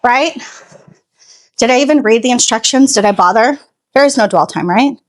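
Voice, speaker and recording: This woman's voice runs on the high side with lively intonation at a normal speed, and the recording is dry. She's vlogging casually to a tripod-mounted phone camera while detailing a car in her driveway at home, sassy and quick to go off on rants.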